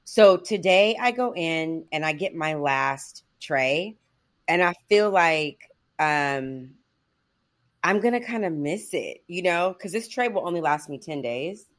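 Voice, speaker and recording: A middle-aged woman hosts a casual podcast conversation with a somewhat low voice. She rambles easily, filling her talk with "like" and "you know" and laughing as she goes. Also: animated, slow pace. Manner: chatty, laughs often, lots of "like" and "you know". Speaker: podcast host. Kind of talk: casual chat.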